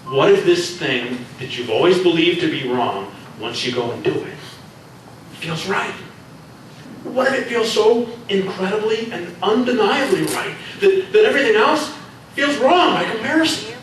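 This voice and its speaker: Earnest young guy pleading, lowish voice, man reading it, sounds far off in a boomy room. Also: expressive, unhurried, fairly bright tone, very echoey, a little hiss or hum. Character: earnest young man torn between love and duty.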